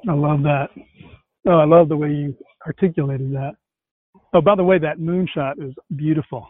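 Upbeat male host, higher voice, thin phone-like call audio. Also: normal speed, no echo. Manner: enthusiastic, animated storytelling. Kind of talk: casual conversation. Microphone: video call. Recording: tinny call audio, dry.

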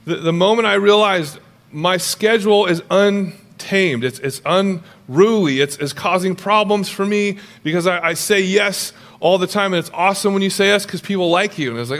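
A young man preaching a sermon as pastor, animated and jokey, with quick storytelling asides. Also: high voice, big-room sound.

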